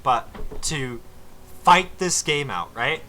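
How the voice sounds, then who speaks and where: A man's voice: medium pitch, animated, slow pace, pushed and bright, a little hiss or hum. A young man giving casual, exasperated commentary over his strategy game footage, swearing freely as he walks through a match. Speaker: gaming commentator.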